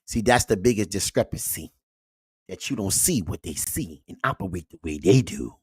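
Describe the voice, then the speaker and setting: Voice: low-pitched, lively intonation, moderate pace, a little mellow, breathy edge, no echo, clean studio sound, heavily acted. A performer playing a preachy male uncle who lectures on red-pill views, a comedic character monologue that keeps repeating "you see" and "baby". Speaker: host.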